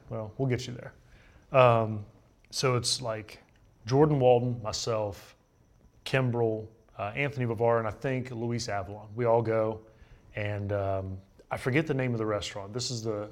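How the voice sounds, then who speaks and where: A man's voice: on the low side, steady tone, moderate pace. Laid-back man telling joking anecdotes. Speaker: guest, pro baseball pitcher. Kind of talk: casual storytelling chat.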